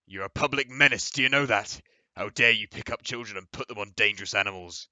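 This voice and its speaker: A man's voice: on the low side, quick pace, bright, forceful tone, no room sound. A man playing a pompous, indignant middle-aged father who scolds and rants.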